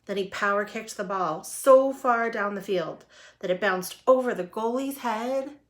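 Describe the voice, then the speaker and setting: Woman reading a kids picture book out loud, slow and expressive, mid pitch. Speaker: storyteller. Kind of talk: children's storybook read-aloud.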